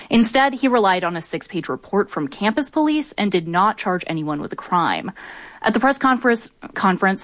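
A woman's voice: fairly low pitch, dry recording. Woman radio reporter, dry studio sound.

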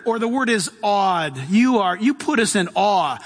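A man's voice: sits high, moderate pace, hardly any pauses, a bit bright. A middle-aged man preaching a sermon as pastor, enthusiastic and casual, with slangy asides. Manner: enthusiastic, casual slang, voices Jesus in quotes.

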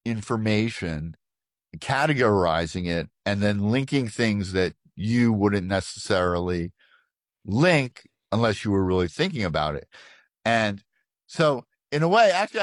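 A man's voice: fairly low pitch, no echo, studio quality. An older man, a retired lawyer, speaking as a guest on a radio interview in a thoughtful, casual way with restarts.

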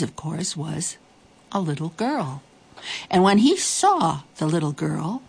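A woman reading a children's story aloud, expressive and deliberate. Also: lowish voice, slightly rough.

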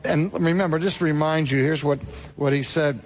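Male preacher, dramatic sermon delivery, a bit higher-pitched. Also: steady tone, normal speed, a little hiss or hum. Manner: dramatic storytelling, rhetorical questions.

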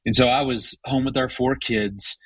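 Man, 50s, husky voice, interview guest, storytelling, stumbles and repeats words, dry close sound. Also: medium pitch, steady tone, normal speed, no room sound, low-quality recording. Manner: repeats words often while telling stories. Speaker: guest, marriage author. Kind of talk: conversational storytelling.

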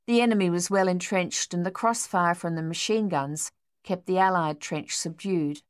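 A woman with a lowish voice narrates an audiobook in a steady, measured way. The sound is close and completely dry, as in a treated studio booth. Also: clear, resonant tone, dry recording.

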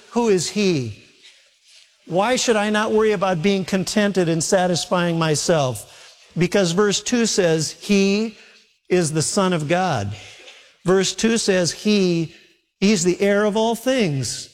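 A man preaching a sermon in a fairly high voice. He keeps asking questions and answering them himself. He drops in a teasing aside about his wife now and then. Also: in a large hall. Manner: preaching, animated, asks questions. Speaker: pastor.

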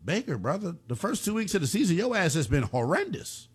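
A man hosting a call-in sports radio show, ranting in a slangy, animated way. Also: high voice, a little fast, breathy edge.

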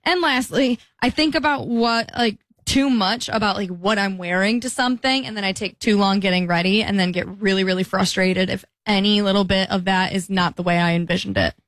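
A woman's voice: mid-range voice, fairly quick, hardly any pauses, a bit bright, no room sound. A young woman co-hosting a casual podcast, chatty and laughing at her own habits. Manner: chatty, self-aware, laughs at herself. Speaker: co-host.

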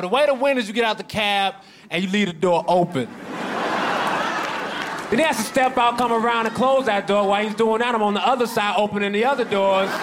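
A man's voice: high voice, noisy background. A man doing a stand-up routine, telling wry stories about his day. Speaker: stand-up comedian.

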